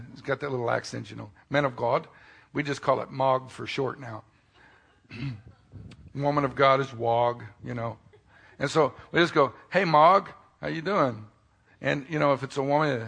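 A male pastor delivers a sermon, alternating between loud, emphatic proclamations and quiet, intimate asides while slipping in folksy jokes. His voice is mid-range and creaky.

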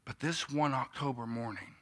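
A man in his fifties preaching a sermon, telling a story in a style that moves from quiet reflection to loud, animated telling. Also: medium pitch, normal speed. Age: 50s.

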